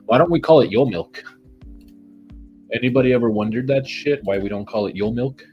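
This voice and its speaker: A man's voice: mid-range voice, brisk, muffled recording, soft background music. A young man chatting casually on a livestream, rambling and joking with plenty of profanity.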